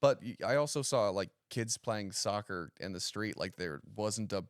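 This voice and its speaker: Man, thirties, from the US, stand-up comedian, podcast guest, wry self-mockery, animated storytelling, dry close sound. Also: lowish voice, moderate pace, dry recording. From United States. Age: 30s. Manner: animated storyteller who acts out other people's voices; dry, self-mocking humor. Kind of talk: casual podcast chat.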